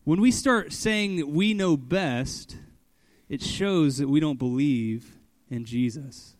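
Youngish guy pastor doing a chill bible study, slightly high voice, dry sound, keeps saying like and okay. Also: takes it slowly, dry recording. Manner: conversational, frequent "like" and "okay", animated quoted voices. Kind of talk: casual Bible teaching.

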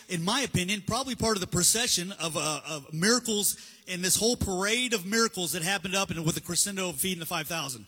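Male preacher, high bright husky voice, chatty sermon, reverberant hall. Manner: casual, conversational, acts out dialogue. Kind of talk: sermon with slides.

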